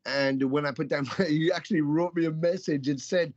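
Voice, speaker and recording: A man's voice: a little high, steady tone, a little fast. Rambling man in his fifties, muffled call. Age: 50s. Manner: rambling, storytelling, frequent restarts. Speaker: musician guest. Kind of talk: casual interview chat. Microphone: video call. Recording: slightly dull video-call audio.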